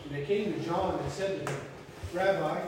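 A man in a study group reading a scripture passage aloud at a quick, even pace. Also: fairly high pitch. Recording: quiet and distant in the room.

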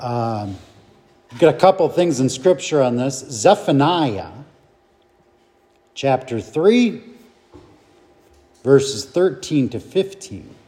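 Slow-talking man leading a Bible study. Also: mid-range voice, very animated, mellow. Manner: deliberate, with restarts and fillers. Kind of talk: Bible study teaching with scripture reading. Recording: long reverb from a hall.

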